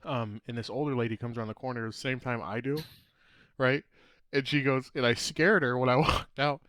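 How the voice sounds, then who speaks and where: A man's voice: medium pitch, fairly even intonation, fairly quick, a bit bright, no echo. A man co-hosting a casual podcast, telling a story with lots of restarts, trailing off and laughing. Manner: rambling storyteller, laughs often, trails off mid-sentence. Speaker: podcast co-host. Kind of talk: casual chat.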